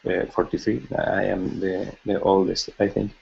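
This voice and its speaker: A man in his forties talking about his work in an online class, halting and searching for words. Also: sits low, flat delivery, vocal fry, a little mellow, husky. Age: 40s. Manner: halting, many restarts and fillers. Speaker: student introducing himself. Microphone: video call. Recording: muffled lo-fi call audio.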